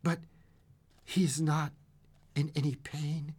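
A man voicing an uneasy visitor who brings bad news in a low, stammering voice. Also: level tone, takes it slowly, darkish tone, breathy edge. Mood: hesitant. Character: hesitant, uneasy male messenger of bad news.

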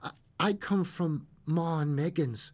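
A man voicing an uneasy visitor who brings bad news in a low, stammering voice. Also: a little slow. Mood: hesitant. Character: hesitant, uneasy male messenger of bad news.

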